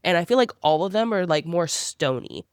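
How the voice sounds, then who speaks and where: A woman co-hosting a book club podcast in casual chat, animated and slipping into quick character voices as she talks. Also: fairly low pitch, clean tone, no echo, clean studio sound. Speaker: podcast co-host.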